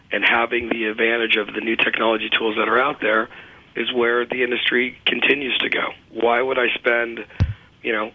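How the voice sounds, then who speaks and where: A man appearing as a company chief on a talk radio show, explaining in a steady, businesslike manner. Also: medium pitch. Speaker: guest, company CEO. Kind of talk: casual talk radio interview. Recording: slightly dull, lo-fi radio audio.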